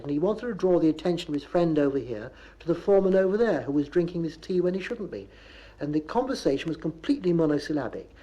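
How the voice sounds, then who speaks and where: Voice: mid-range voice, dark tone, poor audio. A comic performer with a Bristol accent giving a mock lecture on local speech, on a 1970s comedy record. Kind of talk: comic talk on dialect.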